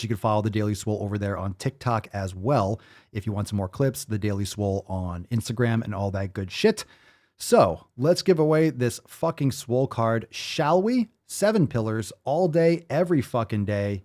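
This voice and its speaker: A man's voice: fairly low pitch, normal speed, a little mellow. A male podcast host in casual chat, talking in a boisterous, profane, mock-bragging way.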